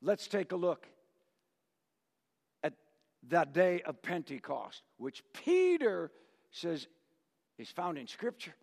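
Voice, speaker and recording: A man's voice: fairly high pitch, very animated, takes it slowly, gravelly, pauses often, darkish tone. An older man preaching a sermon as pastor, telling stories with jokes and chuckling often. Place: church sanctuary. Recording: long church reverb.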